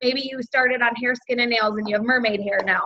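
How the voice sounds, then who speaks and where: A woman's voice: a little high, fairly even intonation, brisk, bright, forceful tone. A woman leading a team sales training over a video call, upbeat and chatty with lots of fillers. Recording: dull lo-fi video call audio.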